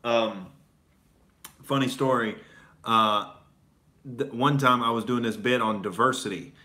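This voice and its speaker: A man's voice: mid-range voice, a little slow, pushed and bright. A stand-up comedian from Oklahoma chatting casually and profanely, laughing between his stories. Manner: loose and profane, laughs between thoughts, filler-heavy. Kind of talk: casual chat.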